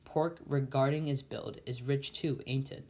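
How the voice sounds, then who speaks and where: A pompous older uncle holding forth at dinner, read by a man in his own mid-pitched voice. He lectures and scolds in a bossy, self-important way, as in a storybook read aloud. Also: fairly even intonation, measured pace, darkish tone. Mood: lecturing.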